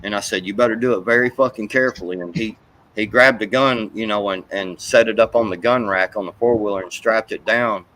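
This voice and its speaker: A man's voice: fairly low pitch, fairly quick, bright, forceful tone, rough recording. A man telling a heated, profane, rambling story in casual chat.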